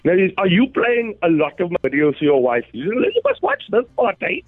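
A man in his forties with a South African English accent, a stand-up comedian calling into a radio show, jokey and quick to laugh. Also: sits high, huge pitch swings, husky, no room sound, narrow, tinny audio, soft background music. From Eastern Cape, South Africa. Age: 40s. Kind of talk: casual radio chat. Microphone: phone line.

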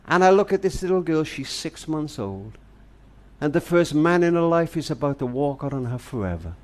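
An older man speaks with a fairly high voice in a tender, earnest way. He gives a heartfelt monologue to a grandchild and tells stories as he goes. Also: big pitch swings, brisk. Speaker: speaker addressing an audience.

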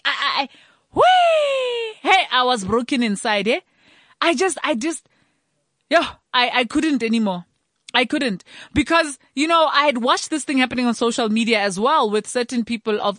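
A woman's voice: on the high side, a bit bright, no echo, clean studio sound. A South African woman giving an impassioned, blunt monologue and swearing freely.

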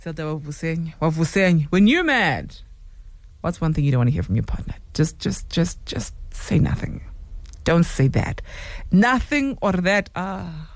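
A man's voice: on the high side, sing-song, moderate pace, no room sound. A man with a South African accent hosting a casual radio talk show, playful and reacting with hums and exclamations.

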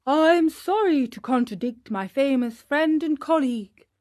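Give me a woman playing a measured, contrary male owl doctor, unhurried. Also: high voice, expressive, a little mellow, dry recording, studio quality, pitched above the performer's own voice.

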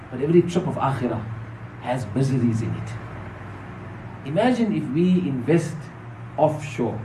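A man with a high voice delivers a Friday sermon, telling stories earnestly and speaking straight to the congregation. He sounds a bit distant from the mic, and his voice rings in a reverberant hall. A faint hiss sits underneath. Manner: earnest storytelling, directly addressing the congregation. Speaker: mufti giving the Friday sermon.

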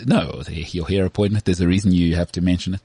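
A man with a low, husky voice talks fast in casual podcast chat. He teases and probes with question after question. The sound is dry and close. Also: fairly even intonation, mellow, dry recording. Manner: teasing, probing questions. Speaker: podcast co-host.

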